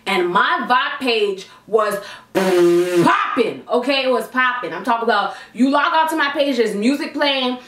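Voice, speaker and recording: A young woman from the Toronto area, telling a slangy, animated storytime vlog. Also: fairly high pitch, a little slow, recorded from a distance. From Toronto area, Canada. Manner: chatty, slangy, animated retelling. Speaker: vlogger. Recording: echoey room, mic set back.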